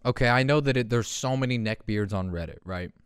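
A man's voice: medium pitch, fairly quick, clear, resonant tone, dry recording, studio quality. A young man hosting his own podcast, rambling in casual profane talk and laughing at his own jokes. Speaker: podcast host. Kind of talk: casual solo podcast rant.

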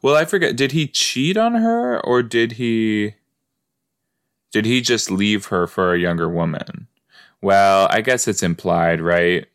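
Low-voiced guy, slow and chatty, reacting to an old sitcom, lots of oh my gosh and trailing off. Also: animated, fairly bright tone. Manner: chatty, exclaims and trails off mid-thought. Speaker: podcast host reacting to a sitcom. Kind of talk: casual watch-along chat.

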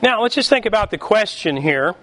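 A male pastor preaching a sermon, emphatic and deliberate, with pauses between phrases. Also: high-pitched, animated, sharp tone, a little hiss or hum.

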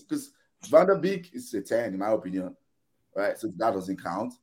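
On a casual podcast panel, a man whose voice sits on the low side talks at a moderate pace. He launches into an exasperated, animated rant, acting out both parties of an argument with quoted lines.

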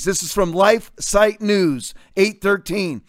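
A man's voice: high-pitched, a little slow, few pauses, dry recording, clean studio sound. A man in his fifties hosting a talk show, delivering combative, sarcastic commentary. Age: 50s. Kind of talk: opinionated commentary.

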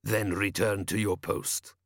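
A man reading an audiobook voices a calm, shrewd desert lord who asks dry, measured questions. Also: on the low side, gravelly, no room sound. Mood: cool.

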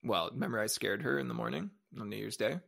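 Young man, podcast co-host, wry quips, bright tone, gravelly fry. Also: lowish voice, fast talker. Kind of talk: casual chat.

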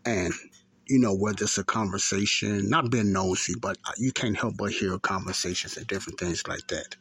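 This is a man, hosting a faith talk show. His voice is low, gravelly and husky. He tells his story in loose, repetitive loops, full of fillers and restarts. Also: steady tone, moderate pace, a bit bright, no echo. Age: 50s. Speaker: podcast host. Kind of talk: casual spoken testimony.

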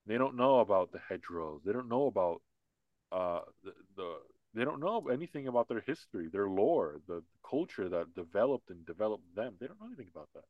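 A man's voice: lowish voice, big pitch swings, a little fast, no room sound, muffled recording. A man co-hosting a casual political podcast, talking in a heated, repetitive rant. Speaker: podcast co-host.

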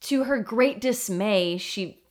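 A woman's voice: medium pitch, slow pace. A woman co-hosting a podcast in casual chat, mostly reacting with short exclamations. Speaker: podcast co-host.

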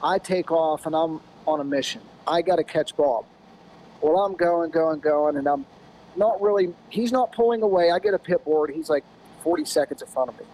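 An American man in his fifties, a podcast guest telling a racing story in a rambling, animated way with lots of "you know"s. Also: fairly high pitch, moderate pace, a little hiss or hum, low-quality recording. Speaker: podcast guest, former off-road racer. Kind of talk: casual storytelling.

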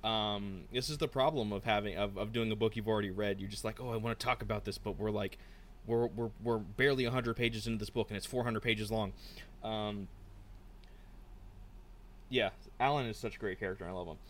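A man co-hosting a casual book podcast, rambling and animated, slipping into quick impressions of characters. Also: lowish voice, slight background noise. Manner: rambling, animated, mimics characters mid-story. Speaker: podcast co-host.

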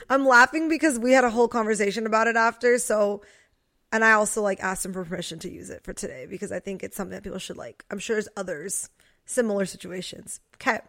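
A woman's voice: mid-range voice, fairly quick, fairly bright tone. A woman co-hosting a podcast in casual chat, candid and chatty, now and then reading a listener's message aloud. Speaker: podcast co-host.

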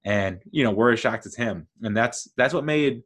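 A man's voice: mid-range voice, normal speed. A man hosting a solo podcast, talking through his thoughts in an enthusiastic, rambling way. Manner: enthusiastic, rambling, lively storytelling. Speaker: podcast host.

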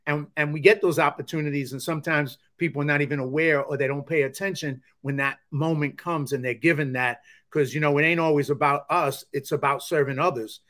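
Reflective podcast host, slightly high voice. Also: male voice, steady tone, fairly quick, few pauses, fairly bright tone. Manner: reflective, encouraging. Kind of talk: casual interview chat.

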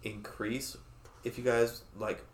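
A man's voice: mid-range voice, little pitch movement, slow pace, echoey room. A man in his twenties hosting a casual podcast chat, laughing often and swearing freely. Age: 20s. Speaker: podcast host.

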